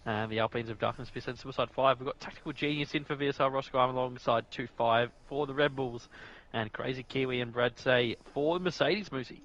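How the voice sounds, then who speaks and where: A man's voice: mid-range voice, a little fast, a bit bright. Bantering Australian man commentating, muffled line. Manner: laughing, bantering, reads off the grid. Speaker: sim racing commentator. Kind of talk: casual live commentary.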